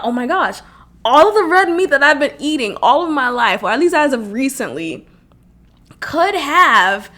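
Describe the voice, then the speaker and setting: Young woman podcaster, kinda high voice, rambling story, swears and does the voices. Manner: animated storytelling, acts out quotes, swears freely. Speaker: podcast host. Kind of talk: casual solo podcast talk.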